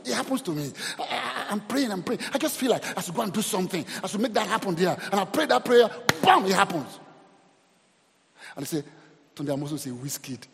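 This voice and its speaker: A man's voice: high voice, vocal fry. A man preaching a sermon as pastor, calling out praise and exclamations to the congregation. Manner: preaching with call-and-response exclamations. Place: church hall. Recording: long hall reverb.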